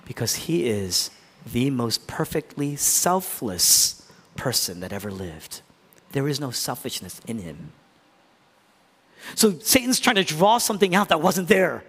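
A man preaching a sermon as pastor, swinging between loud declarations and hushed near-whispers. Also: medium pitch, very animated, a little slow, breathy edge. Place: church hall. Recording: hall reverb.

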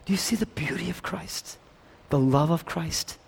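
Impassioned preacher, man with higher voice. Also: sing-song, a little slow, vocal fry, husky. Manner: impassioned, swings from loud emphasis to hushed near-whispers; repetitive rhetorical build-ups with questions to the congregation. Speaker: pastor. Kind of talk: sermon.

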